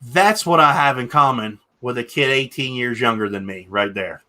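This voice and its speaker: A man's voice: mid-range voice, moderate pace, bright, forceful tone. Rambling storytelling man host. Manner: rambling storyteller, swears casually. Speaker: podcast host. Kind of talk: casual chat.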